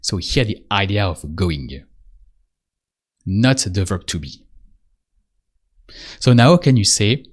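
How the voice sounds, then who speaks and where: A man giving a spoken language lesson, patiently repeating prompts and pausing for the listener to answer. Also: on the low side, very animated. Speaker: French teacher.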